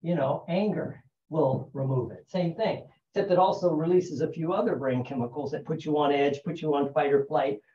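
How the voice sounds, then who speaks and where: A man's voice: on the high side, moderate pace, mellow. A man giving a casual explanatory talk about habits, conversational and repeating "right?" and "you know" often. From United States. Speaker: hypnotherapist talking about habits. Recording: dull, echoey, from a distance.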